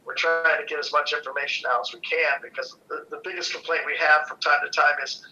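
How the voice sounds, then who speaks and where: A man's voice: fairly high pitch, flat delivery, quick pace, sharp tone. A man talking as a podcast guest in casual chat, easygoing and rambling with restarts, on a dull lo-fi recording. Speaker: guest, brewery co-owner. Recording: dull lo-fi sound.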